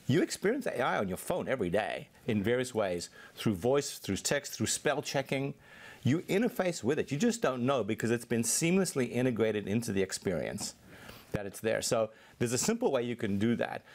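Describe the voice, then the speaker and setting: Guy explaining tech stuff in an interview, calm and fluent, mid pitch. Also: normal speed. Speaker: Microsoft technology executive, guest. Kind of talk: interview answers.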